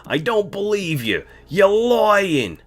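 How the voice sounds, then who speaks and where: A man voicing a furious male villain with a bomb, shouting in a put-on New York accent. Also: big pitch swings, slow pace, full character voice. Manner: shouting, high and strained.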